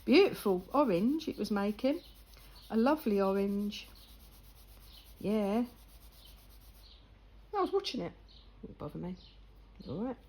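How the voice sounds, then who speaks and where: A woman's voice: medium pitch, very animated, measured pace, long pauses, a little mellow, a little hiss or hum, rough recording. An older woman, chatting casually and laughing as she tells a story while colouring.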